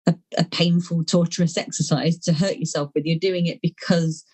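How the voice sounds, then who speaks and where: A woman speaking as a podcast guest, her voice sitting lower than most. She talks frankly about hard things and swears in a casual, easy way. Her tone stays plain and unguarded. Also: fairly even intonation, moderate pace, darkish tone. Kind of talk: candid conversation.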